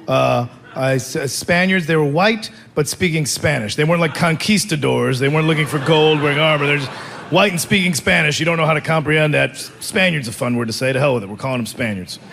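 A man's voice: on the high side, fairly quick, creaky, a bit bright, a little hiss or hum. A man performing stand-up comedy, telling a rambling, self-mocking story.

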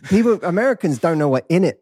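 A man's voice: medium pitch, normal speed, darkish tone, no echo. Cockney guy from east london, chatty guest, chuckles a lot, dead dry sound. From East London, England. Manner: wry, laughs often while talking. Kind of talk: casual interview chat. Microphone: close studio mic.

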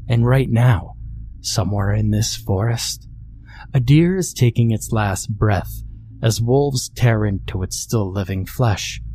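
A man voicing a wily, silver-tongued boy telling a scary campfire tale in a low, sinister voice. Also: dark tone, a little hiss or hum, lightly acted.

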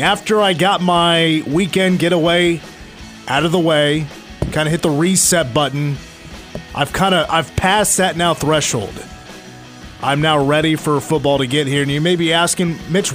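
A man hosting a sports radio show, talking casually in a hoarse voice. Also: a little high, moderate pace, a bit bright, soft background music. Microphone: studio mic.

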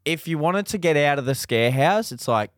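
A man co-hosting a podcast, chatting casually, telling animated stories and swearing freely. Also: a little high, normal speed, dry recording, studio quality. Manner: animated storyteller, swears freely, acts out quotes loudly. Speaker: podcast co-host. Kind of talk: casual chat.

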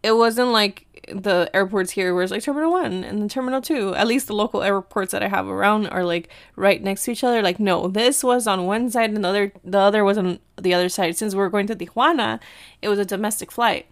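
A woman's voice: mid-range voice, fairly quick, no echo, studio quality. A young woman from Mexico telling a travel story in a casual, chatty way, acting out what she and others said. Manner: chatty, animated, quotes herself and others.

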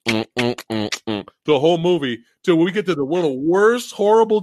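A man hosting a casual film podcast, ranting profanely and laughing loudly as he talks. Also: high-pitched, dry recording. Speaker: host.

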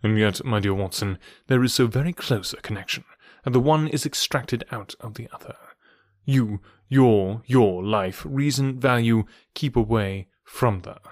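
A man reading aloud and voicing a keen, confident middle-aged detective who speaks in a measured, pointed way. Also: a little mellow, no room sound, clean studio sound, lightly acted. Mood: assured. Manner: measured, precise and pointed, voice dropped lower.

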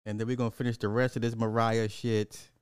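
A man's voice: mid-range voice, little pitch movement, fairly quick, clear, resonant tone, no echo, studio quality. A man, reacting to music clips in casual commentary, blunt and petty, drawing out repeated words. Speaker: reaction streamer.

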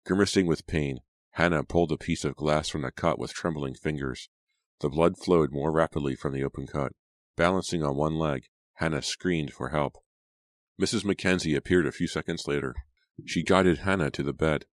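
Male audiobook narrator, very deep and low, measured delivery, dry recording. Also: no room sound. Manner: steady, measured storytelling. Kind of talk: scripted narration.

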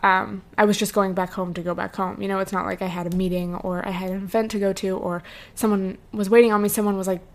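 A woman's voice: medium pitch, little pitch movement, fast talker. A young woman hosting a podcast, telling a travel story in a chatty, casual way, full of fillers and the odd swear word. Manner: chatty, lots of "like" and "um", swears freely. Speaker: podcast host.

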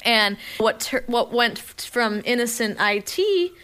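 A young woman in casual podcast chat, telling an animated story with lots of fillers. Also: a little high, unhurried. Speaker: podcast guest.

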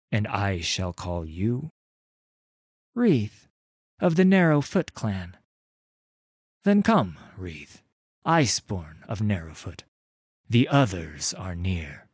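A man voicing a gaunt undead man who speaks in a solemn, measured way. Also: fairly low pitch, a little mellow, no echo, studio quality, exaggerated voice.

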